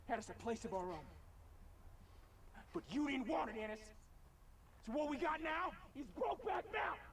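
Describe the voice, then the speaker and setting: Heartbroken cowboy, high voice that swings widely, bitter and pleading, film clip with clear background noise. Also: male voice, sing-song, moderate pace, fairly bright tone, full character voice. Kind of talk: film drama.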